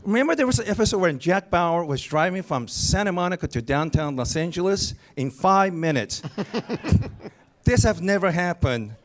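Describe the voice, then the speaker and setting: A man's voice: high voice, lively intonation, brisk, few pauses. A man with a goofy voice, a comedian nervously hosting a live awards show, rambling and joking at his own expense. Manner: nervous, rambling, self-deprecating. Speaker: comedian host. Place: cinema stage before a live audience.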